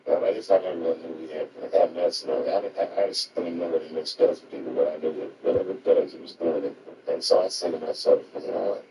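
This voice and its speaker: A male comedian telling a reflective anecdote in a measured storytelling manner. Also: rumbling low, mellow. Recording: roomy distant noisy recording.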